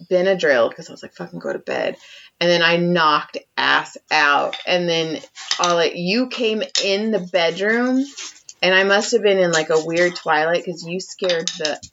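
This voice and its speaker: Woman podcast host, low husky-gravelly voice, swears a lot, muffled lo-fi audio. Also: a little slow. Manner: animated storytelling, acting out quotes, heavy swearing. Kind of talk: casual chat. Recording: dull lo-fi sound.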